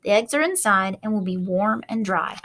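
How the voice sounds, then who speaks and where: A woman voicing a gentle, weary female spider in a storybook reading, soft and calm. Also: mid-range voice, normal speed, slight background noise.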